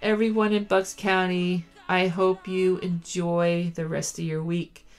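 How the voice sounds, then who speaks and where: A woman's voice: on the low side, little pitch movement, unhurried, clear, resonant tone, soft background music. A woman hosting a podcast, gushing and effusive, tearful and emotional as she talks. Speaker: podcast host. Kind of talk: casual interview chat.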